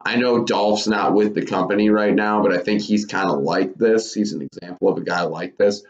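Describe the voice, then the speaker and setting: A man's voice: fairly low pitch, steady tone, moderate pace. A man casually giving his thoughts on wrestling for his channel, rambling with lots of self-corrections. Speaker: wrestling commentary YouTuber. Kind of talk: casual spoken commentary. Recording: roomy, dull lo-fi.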